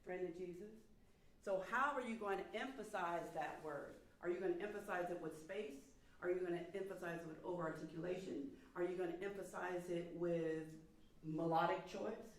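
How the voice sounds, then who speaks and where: A woman's voice: on the low side, a little fast. A woman coaching a singer in a masterclass, encouraging and sometimes singing phrases to show what she means. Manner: encouraging, talks over the singing, demonstrates phrases by singing. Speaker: vocal coach. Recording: echoey hall, mic far off.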